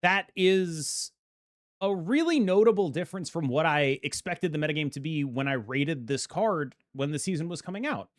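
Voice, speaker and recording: Lively high-voiced man, casual podcast chat. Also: moderate pace, dry recording, clean studio sound. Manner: animated, jokey, breaks into an announcer voice. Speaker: podcast co-host.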